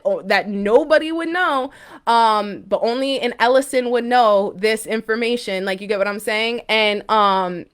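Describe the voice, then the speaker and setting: A woman's voice: a little high, moderate pace. A young woman hosting a spiritual live stream, telling a personal story to viewers in a rambling, emphatic way with many fillers and restarts. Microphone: phone or webcam, live stream.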